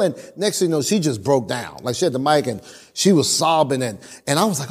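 A male pastor preaching a sermon in church, animated, swinging between loud emphasis and quiet asides and often repeating words as he restarts. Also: medium pitch, brisk, breathy edge.

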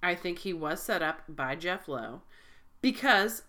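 A woman co-hosting a podcast in casual chat, animated and swearing often, slipping into quick impressions of people. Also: on the low side. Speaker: podcast co-host.

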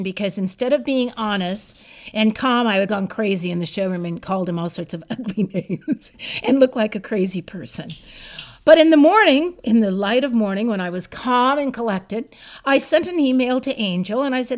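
Animated woman in her sixties. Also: fairly high pitch. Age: 60s. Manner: animated, exasperated retelling. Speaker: storyteller. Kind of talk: casual personal storytelling.

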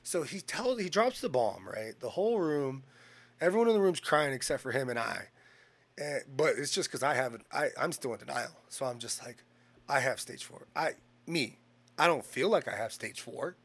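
A man's voice: mid-range voice, moderate pace. A man casually telling a long personal story, swearing often and jumping between restarts and acted-out dialogue. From Hispanic heritage. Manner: profane, rambling, animated retelling.

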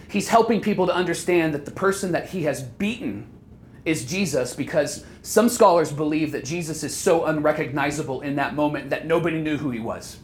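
A man's voice: fairly high pitch, a little hiss or hum. A man preaching a sermon, talking earnestly and putting direct questions to the listeners. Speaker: pastor.

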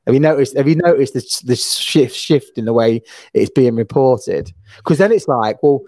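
Mellow man, dry close sound. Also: medium pitch, lively intonation, dry recording. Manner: earnest, questioning, halting restarts. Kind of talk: casual chat.

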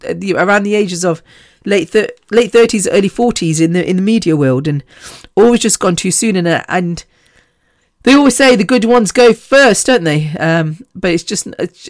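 A woman's voice: on the low side, no echo. Woman, 50s, podcast host, rambling and chatty, dry close sound. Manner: rambling, chatty, swears freely, laughs between sentences. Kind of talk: casual podcast monologue.

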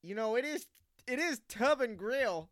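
Bright-voiced playful podcast co-host. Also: mid-range voice, animated, unhurried, no echo, studio quality. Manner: playful, rambling, hesitant with fillers. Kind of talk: casual comedic chat, mock radio DJ bits. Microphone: close studio mic.

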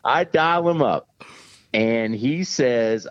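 A man from the Charlotte area, a guest who tells a story with a lively, self-mocking manner and laughs often along the way. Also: medium pitch, measured pace, dry recording. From Charlotte area, USA. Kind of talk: anecdotal storytelling. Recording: dull, dry lo-fi sound.

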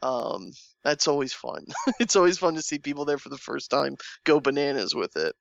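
A man's voice: mid-range voice, sing-song, moderate pace, gravelly, no echo, dull audio. A man in casual conversation, rambling and restarting his sentences with lots of fillers. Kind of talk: casual chat.

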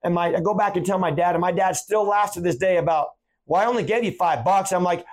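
Male podcast host, higher voice, animated storyteller in casual monologue. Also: fast talker. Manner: animated, tells anecdotes acting out quotes.

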